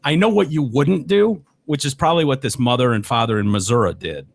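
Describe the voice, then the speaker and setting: A man hosting a casual podcast, telling stories with lots of swearing, laughter and loud voices for the people he quotes. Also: medium pitch, brisk, creaky. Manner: swears freely, laughs often. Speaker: podcast host.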